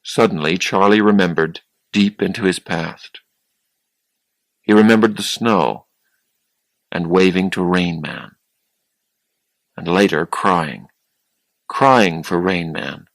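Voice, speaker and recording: A man reading an audiobook in a plain, unhurried manner. His voice sits low and the pace is very slow. The recording is dry and close, with no room sound. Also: vocal fry, dry recording, poor audio. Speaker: audiobook narrator. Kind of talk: scripted audiobook narration.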